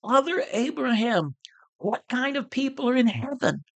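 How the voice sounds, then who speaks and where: A man's voice: very high-pitched, sing-song, moderate pace, vocal fry, pitched above the performer's own voice, heavily acted. A man voicing a fervent 18th-century preacher calling out dramatically to a huge outdoor crowd. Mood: pleading cry. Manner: dramatic, shouting upward pleas.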